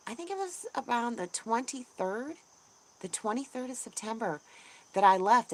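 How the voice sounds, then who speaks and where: A woman hosting a casual livestream, chatting in a rambling way with lots of ums and restarts and greeting viewers brightly. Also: medium pitch, slight background noise. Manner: bubbly, voice jumps up when greeting viewers. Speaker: homesteading channel host. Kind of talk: casual livestream chat, reading viewer comments.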